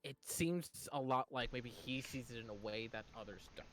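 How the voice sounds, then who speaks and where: A man runs a tabletop game as game master, describing scenes in quick detail. His voice sits in a middle register, and faint noise is heard behind him. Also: medium pitch, fairly bright tone.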